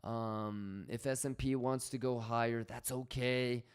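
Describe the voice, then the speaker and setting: A man's voice: medium pitch, level tone, a little slow, smooth. A man hosting a casual trading livestream, slangy and swearing freely as he reads out chat messages.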